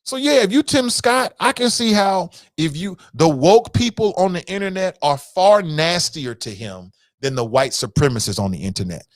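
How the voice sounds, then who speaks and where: Animated, blunt male commentary host. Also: sits high, moderate pace, few pauses, no room sound. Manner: blunt, profane, animated, talks to viewers as "fam". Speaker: host of a news commentary show. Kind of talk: casual opinion commentary.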